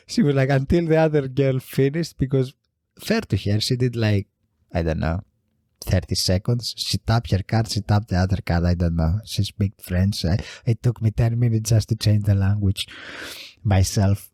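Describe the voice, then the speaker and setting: A man's voice: on the low side, fairly even intonation, normal speed, mellow, dry recording, studio quality. A man hosting a solo comedy podcast, rambling through a funny story and laughing as he tells it. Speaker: podcast host.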